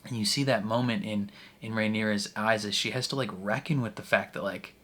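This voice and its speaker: A man's voice: fairly low pitch, steady tone, a little fast, fairly bright tone. Man rambling through a reaction video. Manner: rambling, filler-heavy with frequent "like" and restarts; laughs often while talking. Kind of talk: casual episode commentary.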